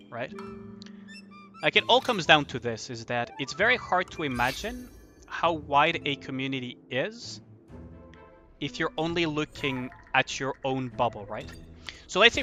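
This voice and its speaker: A man's voice: fairly high pitch, pushed and bright. A man streaming a game and chatting casually with viewers, rambling and often asking "right?" as he talks. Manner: rambling, repeats "right?" and "at the end of the day". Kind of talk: casual chat while playing a game.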